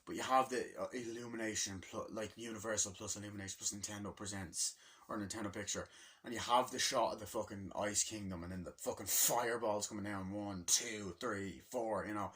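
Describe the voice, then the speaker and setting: A man's voice: lowish voice, steady tone, fairly quick, fairly bright tone. A man casually retelling a movie's opening scene by scene in a rambling, profane vlog review.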